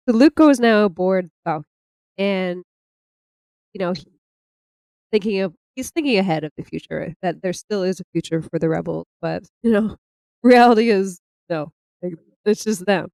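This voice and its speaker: A woman's voice: lowish voice, no room sound. Brief: woman podcast co-host, casual storytelling, acts out quotes, dry close sound. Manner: animated, laughs often, acts out quotes. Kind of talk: casual chat retelling a comic.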